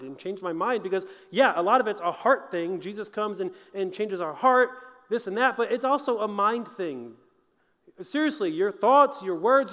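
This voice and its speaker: High-voiced man speaking in a chapel. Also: fairly bright tone, big-room sound. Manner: earnest, conversational, emphatic. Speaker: motivational speaker. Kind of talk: chapel talk to college students. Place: large college chapel.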